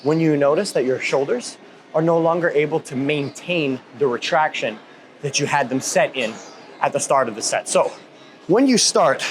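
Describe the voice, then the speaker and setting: A man's voice: fairly high pitch, a little hiss or hum. A man in his thirties giving a casual workout tutorial in a gym. He rambles and jokes, with goofy asides and self-interruptions. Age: 30s. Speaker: fitness YouTuber.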